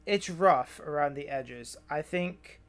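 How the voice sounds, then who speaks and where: A young adult man streaming a video game, tired and rambling, with profane deadpan grumbling. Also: a little high, slow pace. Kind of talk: casual gameplay commentary.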